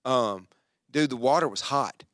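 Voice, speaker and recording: A man's voice: medium pitch, a little slow, a bit bright, no room sound, studio quality. A man, a comedian guest telling stories in a laid-back, rambling way full of fillers. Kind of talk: casual chat.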